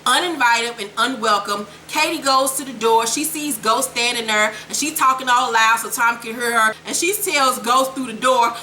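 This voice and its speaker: A woman's voice: a little high, moderate pace, few pauses, sharp tone, roomy sound, slight background noise, low-quality recording. Brash, profane woman recapping TV. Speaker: TV recap vlogger.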